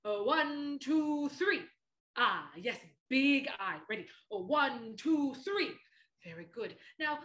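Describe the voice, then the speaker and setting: A friendly three-eyed monster, played by a woman, teaches a children's class in a high, lively voice. She speaks slowly and theatrically, counting out each move. Her tone is bright and clear. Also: roomy sound, exaggerated voice. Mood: playful. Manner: slow, playful and theatrical, counting moves aloud.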